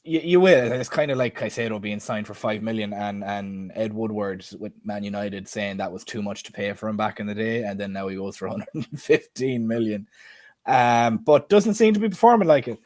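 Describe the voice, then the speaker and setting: A man's voice: lowish voice, fairly even intonation, moderate pace, no room sound, studio quality. A man hosting a casual football chat stream, chatty and quizzing his co-host, with frequent restarts. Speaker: podcast host.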